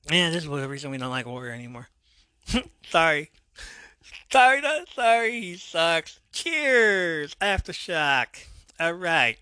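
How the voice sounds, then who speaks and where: Excitable podcast host guy. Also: mid-range voice, dry recording. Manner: excitable, laughs and jokes, swings between reading and riffing. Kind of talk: casual podcast review.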